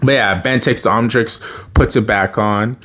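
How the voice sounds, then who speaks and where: A man's voice: on the low side, fairly even intonation, moderate pace, a bit bright. A man giving a casual episode review, joking, laughing often and acting out quotes, with many fillers and self-corrections.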